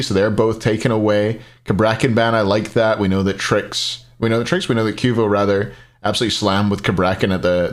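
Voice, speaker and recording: With a voice on the low side and a fairly bright tone, a man provides casual live-stream commentary on an esports match. Between plays he rambles and responds aloud to questions from chat.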